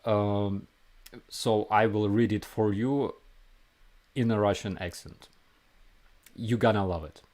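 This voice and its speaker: A man's voice: fairly low pitch, fairly even intonation, slow, pauses often, darkish tone. A young man giving casual video commentary, hesitant and full of fillers, with a mocking edge. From Ukraine. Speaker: video blogger.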